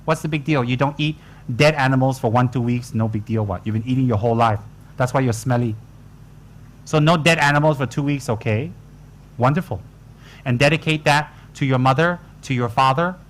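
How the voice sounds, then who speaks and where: A Buddhist teacher gives a dharma talk to retreat students, joking, teasing and tossing in colloquial asides. He speaks at a medium pitch and a fairly quick pace.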